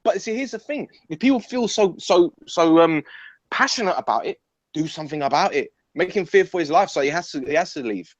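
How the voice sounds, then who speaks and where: A high-pitched young man argues hard, blunt and full of swearing, circling back to the same phrases. The audio is dry and close, with a dull, muffled tone. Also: animated, fairly quick, no echo. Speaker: football fan pundit. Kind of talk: heated casual football debate. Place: his mum's house.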